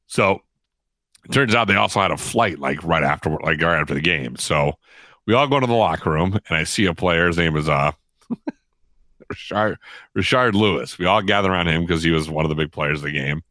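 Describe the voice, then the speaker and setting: Deep-voiced man telling a story. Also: brisk, no echo. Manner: animated, laughing, acts out quotes. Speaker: guest storyteller. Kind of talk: casual storytelling.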